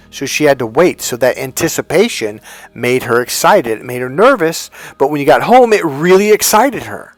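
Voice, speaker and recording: A man talking as a dating coach, casual and direct, acting out quoted women in a raised voice. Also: medium pitch. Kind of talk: casual direct-to-camera talk.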